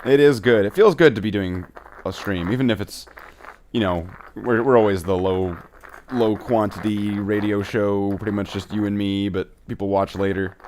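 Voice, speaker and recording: A man's voice: on the low side, moderate pace, darkish tone, a little hiss or hum. A man co-hosting a casual late-night stream, rambling and joking with many restarts. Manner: rambling, stumbling restarts, jokey. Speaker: stream co-host. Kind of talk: casual chat.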